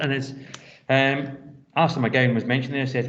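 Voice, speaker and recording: A man's voice: mid-range voice, fairly even intonation, normal speed, fairly bright tone. A male teacher leading a classroom discussion, rambling and restarting his sentences. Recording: dull lo-fi classroom recording with faint noise.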